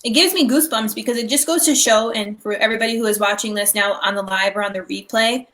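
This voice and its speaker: Excitable young woman, fairly high voice. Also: fast talker. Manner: excitable and gushing, many "like" fillers. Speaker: co-host of a live stream. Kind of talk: casual chat.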